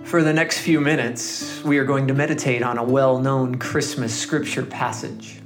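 Soft-spoken guy doing a devotional scripture reading, guitar playing behind. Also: mid-range voice, little pitch movement, normal speed. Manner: soft, gentle, lingering on words. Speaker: devotional leader. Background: guitar music.

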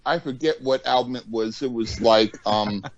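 A man co-hosting a podcast in casual banter, swearing a lot and yelling at his friends in jest. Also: mid-range voice, normal speed, lo-fi sound, slight background noise. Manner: profane, excitable, yells in jest. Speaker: podcast co-host.

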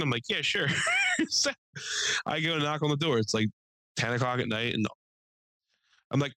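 A man's voice: medium pitch, moderate pace, pauses often, bright, forceful tone, no echo, rough recording. A young man co-hosting a podcast, telling a long, profane story in casual chat and acting out the people he quotes in a raised voice. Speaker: podcast co-host.

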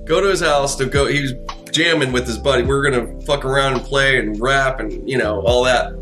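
A man's voice: mid-range voice, steady tone, brisk, over music. A man in a casual chat, telling a long, profane story with lots of restarts and fillers.

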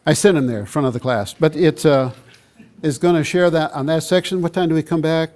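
Earnest older pastor with a warm, mellow voice. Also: male voice, on the high side, a little fast. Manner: earnest, emphatic, with asides to the audience. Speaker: pastor and seminar teacher. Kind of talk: teaching talk to a church audience.

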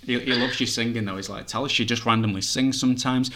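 A man's voice: mid-range voice, steady tone, fast talker, a bit bright. A man working as a psychic medium, talking chattily and reassuringly as he relays messages to a sitter. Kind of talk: reading for a sitter.

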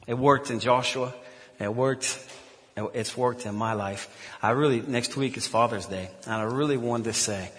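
A man's voice: mid-range voice, steady tone, moderate pace, a bit bright, long reverb tail. A man preaching a sermon in church, telling a personal story earnestly, with frequent restarts. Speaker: pastor.

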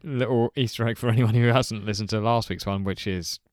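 Male podcast co-host, easygoing and chatty, smooth tone, dry close mic. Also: fairly low pitch, fairly even intonation, dry recording. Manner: chatty, laughs often, quick asides. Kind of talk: casual chat.

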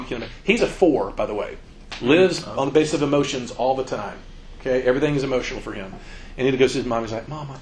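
The recording is rough, with a little hiss or hum, as a middle-aged youth ministry speaker gives a conversational church seminar talk. His voice is mid-range, and he's animated, acting out quotes along the way.

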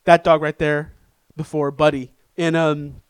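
A man preaching a sermon as pastor, telling a personal story in an animated, self-deprecating way. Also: a little high, a little slow, clean tone, no room sound.

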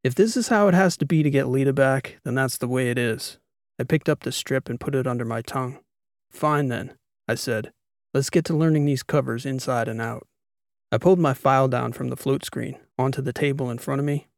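A man narrates a first-person sci-fi audiobook, telling the story in a wry, conversational way. His voice has a gravelly grain. The recording is close and dry, with no room sound. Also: medium pitch, brisk, no echo.

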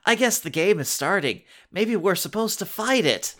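A man's voice: high voice, sing-song, normal speed, fairly bright tone, pitched above the performer's own voice. A man voicing Jordan, a bratty, scoffing young boy, in a raised voice while reading a storybook aloud. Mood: excited.

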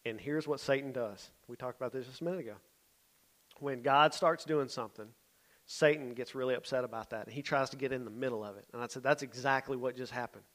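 A man's voice: medium pitch, quick pace, a bit bright. A man, a youth pastor telling a story in a sermon, conversational and often checking in with his listeners.

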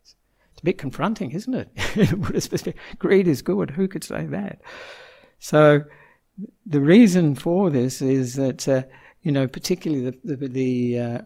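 A man's voice: mid-range voice, vocal fry, warm tone. A man, a Buddhist monk, giving an informal Dhamma talk, chatting with the audience, asking them questions and chuckling often. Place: Melbourne.

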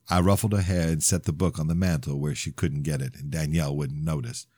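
A man reading his own novel aloud in measured first-person narration. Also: rumbling low, darkish tone, no echo, clean studio sound. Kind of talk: audiobook narration.

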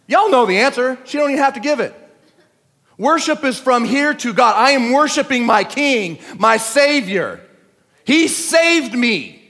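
A man preaching a sermon at a church service, talking in casual slang and swinging between shouting and quiet asides. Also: very high-pitched. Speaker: pastor. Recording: long church hall reverb.

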